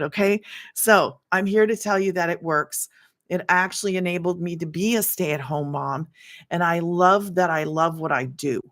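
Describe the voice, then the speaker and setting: A woman's voice: medium pitch, a bit bright. Middle-aged woman, chatty livestream host, emphatic, repeats points, at home. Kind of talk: casual livestream chat. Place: home, children in nearby room.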